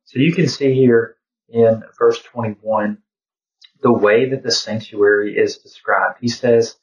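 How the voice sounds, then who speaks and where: A man's voice: medium pitch, steady tone, slow. A man leading an informal Bible study, talking in a reflective, conversational way and often saying "you know". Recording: distant, dull lo-fi sound.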